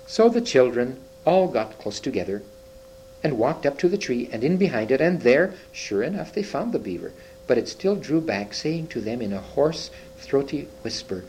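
A man reading a children's story aloud, expressive, with occasional slips and restarts. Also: mid-range voice, normal speed, slight background noise, low-quality recording. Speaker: reader.

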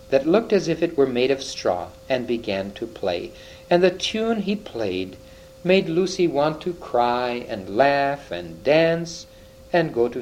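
A man reading a storybook aloud with expressive narration, slowing down for vivid moments. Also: mid-range voice, slight background noise, rough recording. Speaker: storybook reader.

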